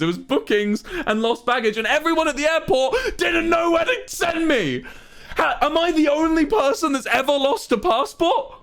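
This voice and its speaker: Exasperated high-voiced young man ranting. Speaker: streamer. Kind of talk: casual storytelling to stream chat.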